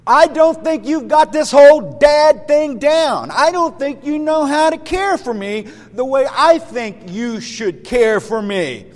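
A man's voice: extremely high pitch, takes it slowly, long reverb tail, pitched above the performer's own voice. A man putting on a nagging little boy. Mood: stern. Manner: nagging, repeating itself. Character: whiny impatient little boy on a road trip.

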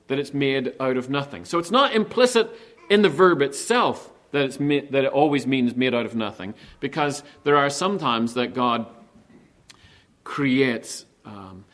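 A man preaching a sermon with animated delivery, asking rhetorical questions and slowing down to stress key words. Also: mid-range voice. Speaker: pastor.

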